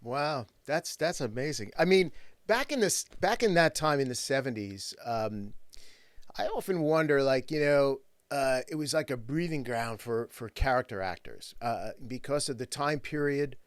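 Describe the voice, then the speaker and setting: A man's voice: medium pitch, animated, normal speed, no echo, clean studio sound. Man hosting, rambling questions. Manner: affirming, rambling questions with fillers. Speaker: host. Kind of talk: interview.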